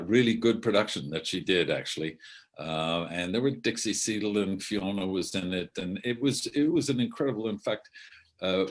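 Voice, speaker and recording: An older man, a theatre director, telling rambling anecdotes with many self-corrections and asides. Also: low-pitched. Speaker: outgoing theatre artistic director.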